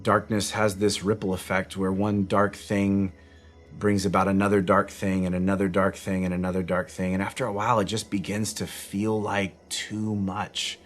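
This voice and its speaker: A man's voice: deep voice, level tone, moderate pace, faint music behind. A man, a pastor, giving an earnest and conversational devotional sermon outdoors in his backyard at nightfall. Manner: reflective, conversational, earnest, with frequent restarts.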